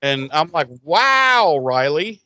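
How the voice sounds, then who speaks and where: A man's voice: medium pitch, a little slow, a bit bright, clean tone, no room sound. A man co-hosting a podcast, recapping an episode in a rambling, profane way and acting out characters' lines in silly voices. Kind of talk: casual crude recap chat.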